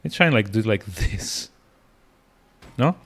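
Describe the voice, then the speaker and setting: A man's voice: fairly low pitch, expressive, normal speed, a bit bright. A man streaming a video game, rambling with lots of fillers and restarts as he plays. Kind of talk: casual gameplay commentary.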